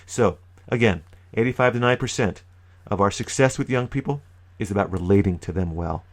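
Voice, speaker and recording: A man giving an animated, emphatic youth ministry training talk, with sudden loud bursts. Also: lowish voice, brisk. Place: lives in New York.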